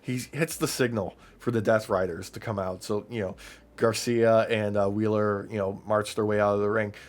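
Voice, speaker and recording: A man co-hosting a podcast in casual chat, excitedly recapping wrestling matches and swearing freely. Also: fairly low pitch, moderate pace. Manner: excitable, profane, recaps matches with acted-out quotes. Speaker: podcast co-host.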